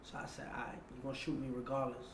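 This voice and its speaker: A man's voice: mid-range voice, monotone, fast talker. A man, telling a tense personal story in an interview, acting out quotes and swearing freely. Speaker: interview guest. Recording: echoey room with faint ambient noise.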